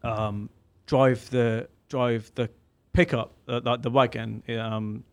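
A man's voice: medium pitch, fairly even intonation, slow pace. Sweary Birmingham man telling a story. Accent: Birmingham English. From England. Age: young adult. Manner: sweary, laughing, acts out both sides of the story. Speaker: podcast co-host. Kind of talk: casual storytelling chat.

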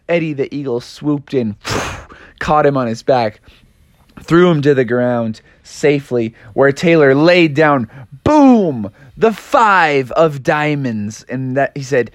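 Man, bedtime story, lively animated voice, playful sound effects, dry close sound. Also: mid-range voice, slow, no room sound.

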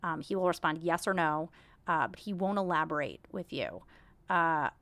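A woman's voice: low-pitched, moderate pace, a bit bright, dry recording. Chatty woman podcast host, dry close sound. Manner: chatty, candid, self-deprecating. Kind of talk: casual solo podcast chat.

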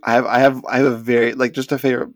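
A man's voice: medium pitch, flat delivery, rapid-fire. A man co-hosting a casual movie review chat, eager and chatty, jumping in with comments. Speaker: podcast co-host.

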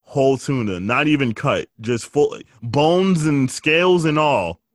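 A man's voice: medium pitch, animated, measured pace, no echo, studio quality. A man in casual chat who rambles, teases, and laughs often.

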